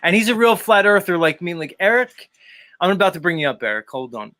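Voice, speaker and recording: A casual male stream host with a slightly high voice, chatting loosely and swearing as he rambles. The sound is dry and close, with no room echo. He talks as if to friends on a live panel. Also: big pitch swings, pushed and bright. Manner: loose, swears freely, drawn-out asides.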